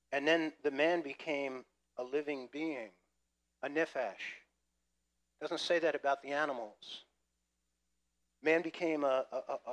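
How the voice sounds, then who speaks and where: Male pastor, fairly high voice, animated sermon delivery, loud peaks and soft asides. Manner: lively, swings between loud emphasis and quiet asides.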